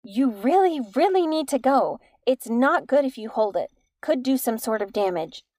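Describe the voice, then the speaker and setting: A woman's voice: high-pitched, expressive, moderate pace, dark tone, dry recording, clean studio sound, pitched above the performer's own voice. A woman voicing an impatient, bossy teenage ghost girl who gives blunt, urgent commands.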